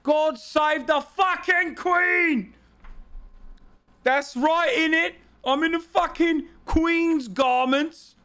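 A man putting on a loud, swearing young British lad caricature with a mock British accent. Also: very high-pitched, drawn-out words, voice pushed up, heavily acted. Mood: boisterous. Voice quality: swearing, boisterous, shouty.

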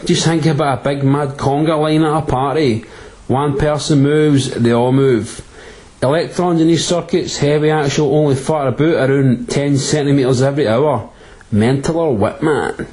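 A man's voice: medium pitch, fairly even intonation, moderate pace, a little mellow. A man with a Glaswegian accent teaching physics in a crude, jokey, slang-heavy way. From Glasgow, Scotland. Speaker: physics tutor. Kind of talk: comic slangy physics lesson.

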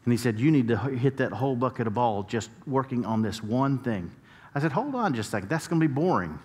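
Fast and expressive, this American preacher has a medium-pitched, darkish voice as he narrates stories and drives toward emphatic points. The church sanctuary gives the recording a long hall reverb.

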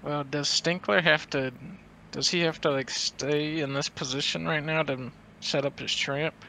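A man's voice: fairly high pitch, steady tone, a little slow, gravelly, pushed and bright, slight background noise, low-quality recording. A man playing in a tabletop role-playing game, who asks hesitant questions about the rules. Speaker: player.

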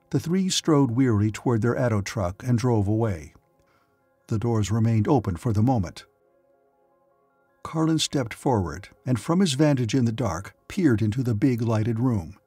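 A man's voice: mid-range voice, lively intonation, moderate pace, warm tone, husky, dry recording. A man narrating a science fiction audiobook with dramatic storytelling. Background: faint music.

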